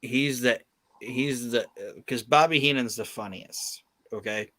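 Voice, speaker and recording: A male podcast host tells a story in swearing, emphatic casual chat. His voice sits at an ordinary middle pitch, and the recording is dry and close. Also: unhurried, bright, forceful tone, no room sound.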